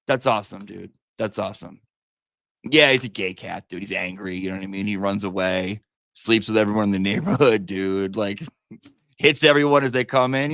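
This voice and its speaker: A man hosting a casual livestream chat, talking in a chatty, profane way with big swings in pitch. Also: vocal fry, a bit bright, dry recording, clean studio sound. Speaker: livestream host.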